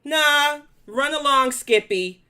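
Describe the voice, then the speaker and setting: A woman's voice: sits high, expressive, slow pace, pushed and bright. Blunt, profane New York woman host. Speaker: commentary livestream host. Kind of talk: live commentary and chat replies.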